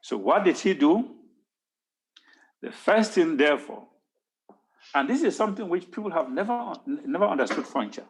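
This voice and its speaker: A man's voice: fairly high pitch, sing-song, normal speed, pauses often. A man giving an impassioned talk on history at an online town hall, stressing points by repeating words. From Cameroon.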